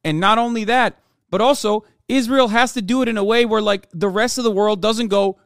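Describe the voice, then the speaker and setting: A man streaming political commentary, reacting to news clips with profane, sarcastic remarks and sudden loud outbursts. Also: high-pitched, brisk, smooth, dry recording, clean studio sound.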